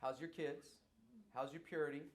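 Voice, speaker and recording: A middle-aged man, a pastor, answering audience questions in a lively, playful way that keeps circling back on its points. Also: on the high side, moderate pace, slight background noise. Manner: animated preacher, playful, repeats himself.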